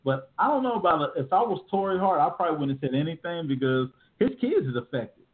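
A fast-talking man in his thirties, co-hosting a podcast with animated, slangy banter. His voice sits a bit high for a man. The sound is thin and tinny, like a phone line. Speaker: podcast co-host. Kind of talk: casual chat.

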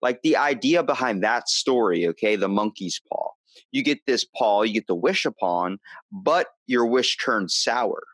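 A man's voice: medium pitch, expressive, a little slow, fairly bright tone, no room sound. A man hosting a podcast, telling stories in a rambling casual way with restarts. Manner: rambling storyteller, restarts and retells plots. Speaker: podcast host. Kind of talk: casual chat.

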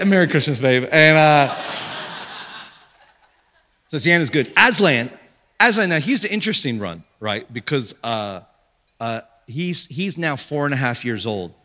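A man in his thirties preaching a sermon from a church stage, telling an animated story about his family and jumping up into high shouts for quoted voices. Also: a little slow, long pauses, long reverb tail. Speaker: pastor.

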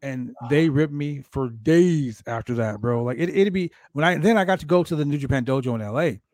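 A man's voice: fairly high pitch, brisk, darkish tone, dry recording. Profane, storytelling man in a dry room. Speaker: podcast host. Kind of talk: casual interview chat.

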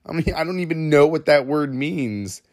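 A man's voice: on the high side, expressive, normal speed, no echo, studio quality. A man hosting a solo podcast, ranting in a rambling, self-mocking, profane way. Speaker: podcast host.

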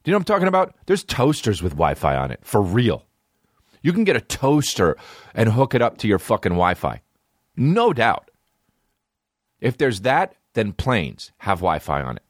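Male comedy podcast host, low voice, swearing constantly, big swings in pitch, dry close sound. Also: normal speed, no echo. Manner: profane, rambling, animated rants. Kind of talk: casual comedy podcast monologue.

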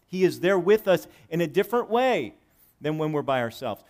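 Man preaching with dramatic loud-soft swings. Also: sing-song, normal speed. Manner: dynamic preaching, swinging between loud emphasis and hushed low lines; reads scripture aloud and paraphrases it conversationally. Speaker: pastor. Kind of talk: sermon.

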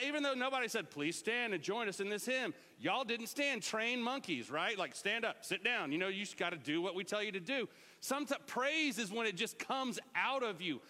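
Male pastor, high and bright, lively joking sermon, hall reverb. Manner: lively, joking, talks straight to the congregation. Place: church sanctuary.

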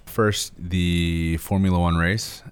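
A man hosting a podcast, chatting casually with a deadpan, sarcastic sense of humor. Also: sits low, slow pace, clear, resonant tone, dry recording. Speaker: podcast host.

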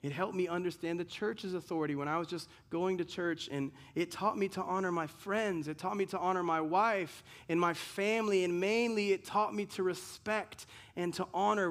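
A man's voice: sits high, fairly even intonation, normal speed, few pauses, a bit bright. A man pastor preaching a sermon in an earnest way, full of rhetorical questions and repeated restarts.

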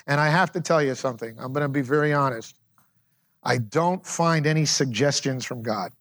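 A middle-aged man preaching a sermon as pastor, moving between loud emphatic declarations and quiet low asides.

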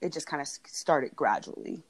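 A woman's voice: low-pitched, animated, moderate pace, husky. A woman in her thirties in casual conversation, effusive and chatty, laughing easily as she talks. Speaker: podcast co-host.

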